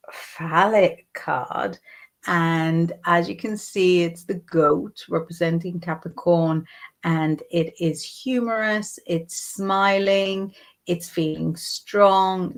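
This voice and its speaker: A woman hosting a live tarot stream, talking through the cards at an unhurried pace with frequent ums and reading viewers' comments aloud. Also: lowish voice. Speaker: psychic and tarot host.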